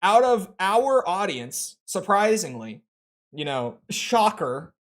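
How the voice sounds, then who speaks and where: A man's voice: sits high, takes it slowly. Opinionated Midwestern guy streaming. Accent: American Midwestern. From American Midwest. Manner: opinionated, animated, rambling with restarts. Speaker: game streamer. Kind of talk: casual live-stream chat.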